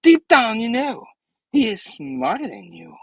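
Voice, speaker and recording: A man's voice: very high-pitched, wildly swooping pitch, unhurried, fairly bright tone, slightly rough, no echo, voice pushed up, heavily acted, poor audio. A man voicing a gloating male goblin villain who has taken over a hero's body, with a taunting, triumphant manner, while retelling a comic book.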